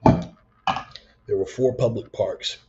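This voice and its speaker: A man's voice: fairly low pitch, fairly even intonation, drawn-out words, mellow, lo-fi sound. A man giving a conversational, emphatic sermon told as a personal story. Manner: conversational, emphatic, swears in passing. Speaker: preacher.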